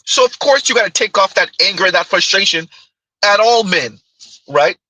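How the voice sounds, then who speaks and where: A man's voice: high-pitched, lively intonation, normal speed, pushed and bright, no room sound, poor audio. A man streaming casual commentary on clips, mocking and giggling as he rambles.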